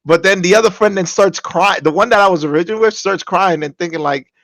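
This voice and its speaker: A young man casually telling stories on a podcast, animated, jumping into high voices when he quotes people. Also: fast talker, no room sound. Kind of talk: casual storytelling chat.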